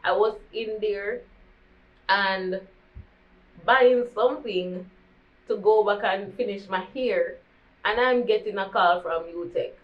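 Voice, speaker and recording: A woman's voice: mid-range voice, takes it slowly, long pauses. A young woman with a Jamaican accent telling a candid storytime vlog, slipping into patois as she talks. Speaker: vlogger. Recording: dull lo-fi recording.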